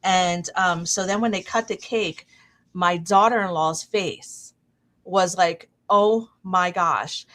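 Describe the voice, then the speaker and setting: A middle-aged woman hosting a casual chat stream, telling a long anecdote with fillers and lively quoted voices. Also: on the low side, slow. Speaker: stream host.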